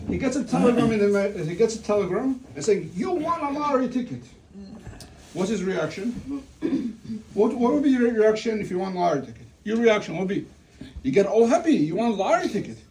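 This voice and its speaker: Man, fairly high and mellow voice, warm informal storyteller, recorded from a distance with faint room noise. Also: sing-song, fast talker. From Russia. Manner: storytelling, restarts and rhetorical questions. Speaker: family member giving a eulogy. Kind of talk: informal religious talk at a family gathering.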